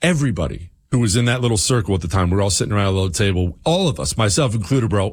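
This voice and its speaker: Impassioned man ranting with swooping pitch. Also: expressive, fast, hardly any pauses. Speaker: political talk show host. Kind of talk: political commentary monologue.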